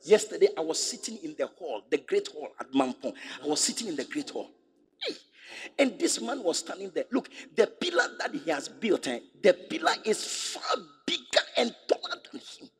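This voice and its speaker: Emphatic Ghanaian preacher, high and lively. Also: male voice, moderate pace, slightly rough, long reverb tail. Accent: Ghanaian English. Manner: emphatic preaching, repeats phrases, rises to shouts. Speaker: bishop and pastor. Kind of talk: sermon.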